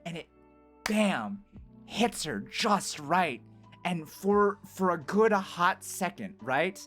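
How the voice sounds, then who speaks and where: Streamer spinning a rambling improvised tale, mid-range voice, animated, constant "like" and "right?". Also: mid-range voice, takes it slowly, soft background music. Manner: rambling, full of "like" and "right?" tag questions; animated, swings between excited and hushed. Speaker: vtuber streamer. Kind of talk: casual improvised storytelling.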